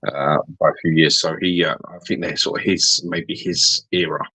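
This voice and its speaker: A man's voice: extremely low pitch, fairly even intonation, moderate pace, bright, forceful tone, husky, no echo, low-quality recording. A man co-hosting a podcast in casual chat, rambling and repeating words, with the odd swear. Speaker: podcast co-host.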